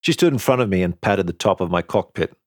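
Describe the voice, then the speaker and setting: A man narrating a science fiction story in the first person, in a steady storytelling manner. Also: low voice, quick pace, dry recording, studio quality. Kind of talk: audiobook narration.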